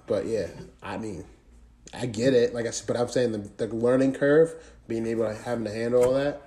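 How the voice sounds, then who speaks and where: A man's voice: mid-range voice, a little fast. A man chatting loosely with a friend, peppering his talk with swearing. His voice sits in the middle range and carries the echo of a bare room. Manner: profane, animated storyteller, voice rising as he laughs. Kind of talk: casual chat, storytelling.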